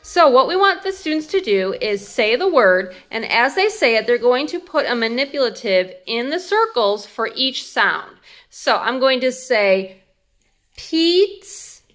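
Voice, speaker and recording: A woman teacher showing hands-on classroom activities, sounding words out slowly and clearly. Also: a little high, very animated, a bit bright. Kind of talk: instructional demo.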